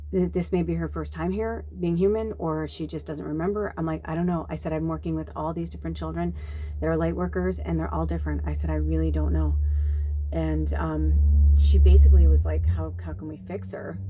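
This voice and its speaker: A woman's voice: sits low, dark tone, a little hiss or hum. A woman, a spiritual medium, chatting casually and rambling through a personal story, acting out the people she quotes. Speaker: spiritual medium and card reader.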